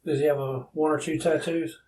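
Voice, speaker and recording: A man, a police detective, asking steady, procedural questions in an interview room. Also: a little high, fairly quick. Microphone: room recording device. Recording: distant room recording with faint hiss.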